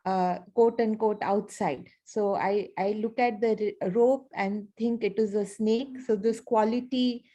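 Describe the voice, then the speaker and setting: A woman student in a study group, thoughtfully putting a question and remark to the teacher, pausing with fillers as she works through her idea. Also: mid-range voice, fairly even intonation, dark tone. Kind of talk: asking a question in class.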